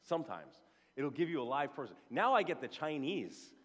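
A middle-aged male pastor preaching a sermon, telling a story with lively, repetitive storytelling. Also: a little high, normal speed, husky. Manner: animated storytelling, repeats words when building up. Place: church sanctuary. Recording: long reverb in a church hall.

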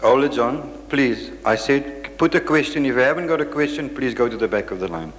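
A man's voice: medium pitch, animated, a little fast. A man chairing audience questions after a lecture, firm and insistent, cutting in to keep order. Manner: firm, insistent, interrupts speakers. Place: large lecture hall. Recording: long hall reverb.

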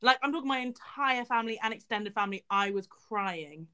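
A chatty young woman from the UK, hosting a casual livestream. Her voice sits fairly high, and she reads out viewers' questions with sudden loud outbursts. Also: expressive, a little fast, clear, resonant tone. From United Kingdom. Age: teens. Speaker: livestream host.

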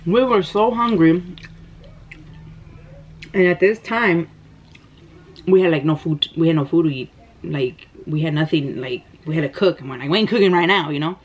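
A woman, telling a story in an animated, breathless way while eating on camera. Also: low voice, normal speed, pauses often, breathy edge. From United States. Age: 30s. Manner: animated, gasping, breathless retelling. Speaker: mukbang vlogger. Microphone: camera microphone. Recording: slightly dull lo-fi sound.

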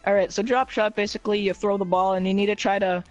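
High-pitched dude gaming with friends on a headset, goofy, yelps out of nowhere, faint music behind. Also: male voice, steady tone, fast talker, lo-fi sound. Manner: goofy, jumps to sudden yells. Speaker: gamer on a stream. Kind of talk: casual gaming chat.

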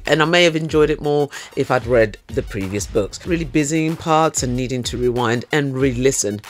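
A man hosting an audiobook review show, reading a scripted review in a playful, cheeky way that turns loud and emphatic when he rants. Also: fairly high pitch.

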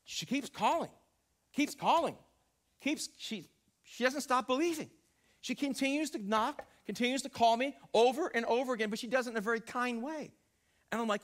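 A middle-aged man preaching a sermon in a church, telling stories in an animated way, exclaiming and repeating his phrases. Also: extremely high pitch, moderate pace. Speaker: pastor. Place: church sanctuary.

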